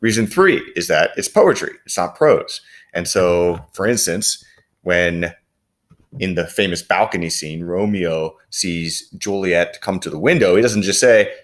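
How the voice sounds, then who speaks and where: A man teaching a lesson, explaining patiently with frequent fillers and reading quoted lines aloud. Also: low voice. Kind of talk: recorded classroom lecture.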